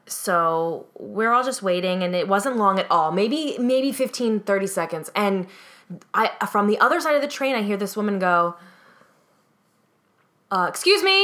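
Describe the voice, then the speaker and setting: A young adult woman co-hosting a podcast, telling a story in a casual chat and acting out the people in it. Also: medium pitch. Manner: animated storyteller, acts out quoted people. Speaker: podcast co-host.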